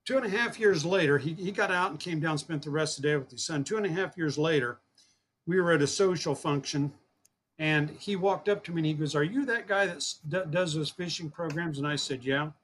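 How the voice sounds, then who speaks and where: Earnest storytelling man, slightly high voice. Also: brisk, fairly bright tone, slight background noise. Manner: earnest, repeats words, acts out quoted dialogue. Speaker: guest, fishing program founder. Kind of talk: storytelling interview talk.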